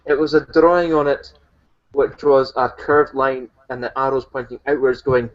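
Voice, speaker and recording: A man's voice: medium pitch, flat delivery, normal speed, muffled recording. A man co-hosting a podcast, wry and incredulous in mocking banter over an online voice call. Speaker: podcast co-host.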